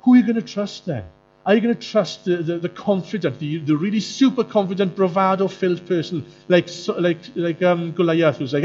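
A male preacher, delivering a sermon in an animated way, often jumping into mocking voices. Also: fairly quick. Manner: animated, jumps into high mocking voices for quoted characters. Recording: muffled lo-fi sound with faint music.

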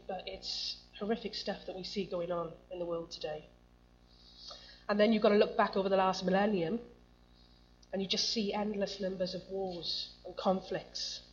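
A woman preaching a sermon to a congregation, reading scripture and asking the room questions in a conversational way. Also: fairly low pitch. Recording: muffled lo-fi recording with faint hum.

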